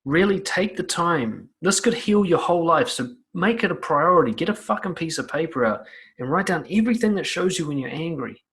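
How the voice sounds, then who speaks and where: A man's voice: a little high, lively intonation, brisk, fairly bright tone. Blunt, profane man giving advice. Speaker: self-help coach. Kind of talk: direct-to-camera advice talk.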